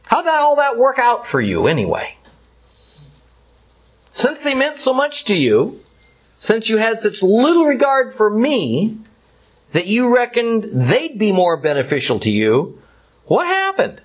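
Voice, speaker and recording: A man's voice: medium pitch, animated, normal speed, hardly any pauses, close to an everyday voice. A man voicing a sarcastic male God who scolds with mocking, rhetorical questions.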